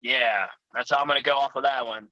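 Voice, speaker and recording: A man's voice: medium pitch, steady tone, brisk, sharp tone, dry recording, lo-fi sound. A man telling profane, rowdy road stories in a casual chat as a guest. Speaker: pro wrestler guest.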